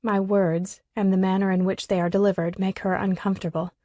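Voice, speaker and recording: Female audiobook narrator, expressive first-person read, mid-pitched, dry close studio sound. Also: brisk, no room sound, muffled recording.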